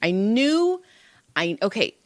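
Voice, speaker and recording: With a mid-range voice and a slow pace, a female podcast co-host relates a story in easygoing chat. She acts out people's remarks animatedly and doesn't hold back on swearing. There's no echo.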